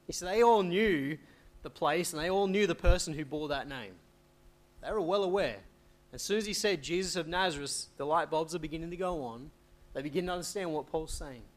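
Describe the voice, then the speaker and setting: Man teaching Bible verses, fairly high voice. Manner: explains, asks rhetorical questions and answers them; reads scripture aloud in old wording. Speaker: preacher.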